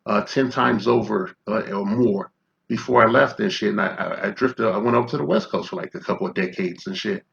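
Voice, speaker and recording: Gravelly, confrontational man in his fifties. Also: fairly low pitch, fairly quick, a bit bright, lo-fi sound, slight background noise. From Chicago. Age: 50s. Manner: confrontational, profane, rhetorical questions. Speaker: commentary vlogger. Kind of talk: ranting commentary.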